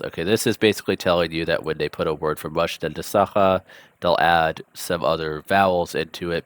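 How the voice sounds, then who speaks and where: A man with a low voice teaches a language lesson in an easygoing, conversational way, often pausing with ums and thinking aloud. The recording is close and dry, with little room sound. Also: fairly bright tone, clear, resonant tone, dry recording. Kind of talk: casual vocabulary lesson.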